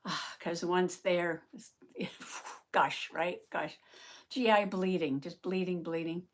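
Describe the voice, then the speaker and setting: A woman hosting a casual live-stream chat, short of voice and out of breath, chatty and quick to laugh as she greets viewers by name. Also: on the low side.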